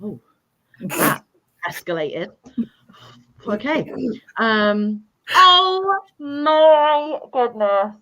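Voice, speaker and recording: A woman's voice: fairly high pitch, big pitch swings, drawn-out words, long pauses, bright, forceful tone. A woman hosting a casual livestream chat, reading viewer comments aloud and joking at her own expense. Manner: self-deprecating, laughs often. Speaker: livestream host.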